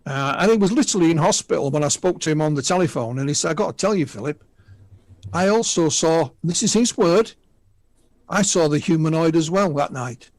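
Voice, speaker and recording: Speaking fairly quickly with a fairly high pitch and lively intonation, a northern English man in his sixties, with the region's accent, is heard with no room sound. As a visiting UFO researcher in an easygoing radio interview, he retells witness stories and drops in asides.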